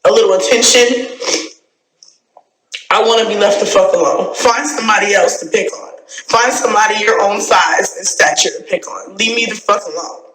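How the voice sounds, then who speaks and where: A woman's voice: mid-range voice, normal speed, fairly bright tone. A woman YouTuber venting in an angry, profane rant, repeating herself and sounding completely fed up. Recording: roomy echo.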